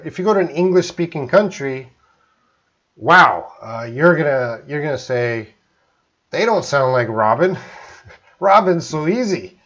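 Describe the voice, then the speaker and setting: Male English teacher from Canada, live Q&A, slow and deliberate, mid-pitched, slightly muffled stream audio. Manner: slow, careful, reads out viewer questions. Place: home in Korea, live stream.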